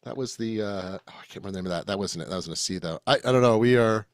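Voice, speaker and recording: Fast-talking, rambling man. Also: on the low side, no room sound, clean studio sound. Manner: rambling, trails off. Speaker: quiz contestant. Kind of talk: casual podcast game chat.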